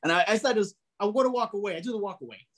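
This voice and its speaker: A man co-hosting a casual collectibles chat, telling stories with lively acted-out dialogue and frequent restarts. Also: sits high, very fast. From New England, US. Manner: animated storyteller, acts out dialogue. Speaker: podcast co-host.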